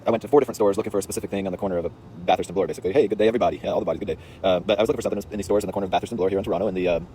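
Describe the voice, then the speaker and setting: A man's voice: deep voice, fairly even intonation, very fast, mellow, slight background noise. A man telling a story in a casual, rambling, slangy monologue, intense in delivery, recorded outdoors on a city street.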